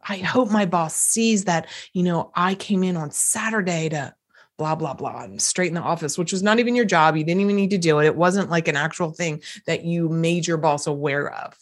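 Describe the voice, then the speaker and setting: A middle-aged woman speaks straight to her listeners in a solo coaching podcast. Her voice sits a little low, and she leans hard on key words and acts out example phrases with energy. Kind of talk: motivational podcast monologue.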